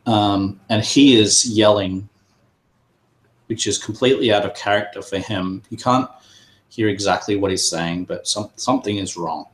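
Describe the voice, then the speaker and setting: A man narrating as game master in a tabletop game, pausing often with fillers. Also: fairly low pitch, low-quality recording. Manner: hesitant, many pauses and fillers.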